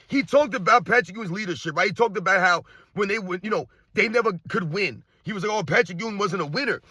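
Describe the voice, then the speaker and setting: On his sports commentary show, a man with a husky, high-pitched, sharp voice goes on a heated, repetitive rant full of exasperated rhetorical questions. The recording is dry.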